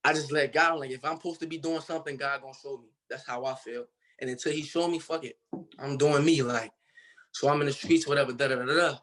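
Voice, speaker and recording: A man's voice: a little high, steady tone, fast, fairly bright tone. A young man from Cincinnati, Ohio, telling his story as a guest in a casual interview, in a loose, slangy way full of fillers. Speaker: guest artist.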